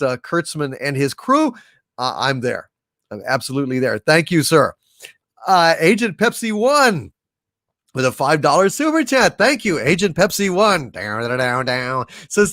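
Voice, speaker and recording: A male livestream host reading out viewer messages in a lively, exclamatory way, often breaking into disbelieving outbursts. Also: fairly high pitch, dry recording, clean studio sound.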